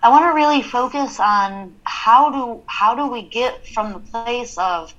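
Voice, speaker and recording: A woman's voice: on the high side, a little slow, few pauses, a bit bright, lo-fi sound. A woman co-hosting a podcast, talking in a reflective, casual way and working through ideas with examples. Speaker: podcast co-host. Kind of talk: casual chat.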